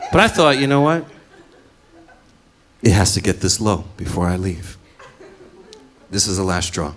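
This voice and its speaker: A man's voice: sits low, big pitch swings, normal speed, pauses often, crowd noise. A man doing stand-up, telling a story in a profane, exasperated way. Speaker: stand-up comedian.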